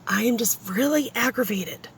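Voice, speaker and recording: A woman's voice: a little high, moderate pace, slight background noise. A young woman venting bluntly and profanely in a casual vlog, filmed on a handheld phone inside her car. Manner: exasperated ranting, blunt and profane. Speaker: vlogger, single mother. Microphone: handheld phone, shaky.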